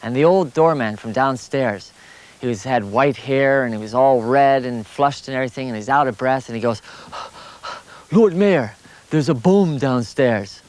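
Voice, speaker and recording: A man recounting his walking travels as a lively anecdote, his voice climbing high at the funny moments. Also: moderate pace, clean tone. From United States. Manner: animated, rising sharply at the funny parts. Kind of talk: anecdotal storytelling.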